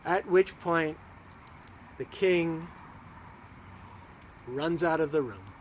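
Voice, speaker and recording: Expressive rabbi telling a story slowly. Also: male voice, on the high side, slight background noise. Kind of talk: storytelling for students.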